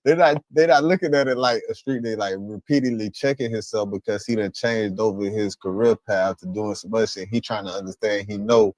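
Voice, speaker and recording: A man's voice: on the low side, steady tone, brisk, hardly any pauses, darkish tone, no echo. A man hosting a stream who gives rambling, profane reaction commentary and sometimes gropes for words. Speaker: stream host.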